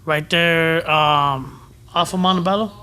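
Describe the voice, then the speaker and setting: A man's voice: a little high, fairly even intonation, unhurried, pushed and bright, clean tone. A man, a podcast guest, bantering loosely in profane slang. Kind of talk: casual podcast chat.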